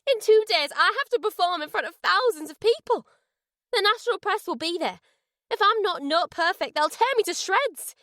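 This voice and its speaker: A woman voicing a fiery young female opera singer shouting in a rage, in a storybook reading. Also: animated, slow pace, hardly any pauses, no room sound, studio quality. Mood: furious. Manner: shrill shouting.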